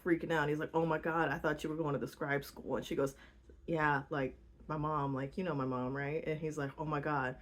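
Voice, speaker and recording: A young woman giving a casual, slangy book recap, rambling with fillers and giggling now and then. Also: deep voice. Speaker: book vlogger.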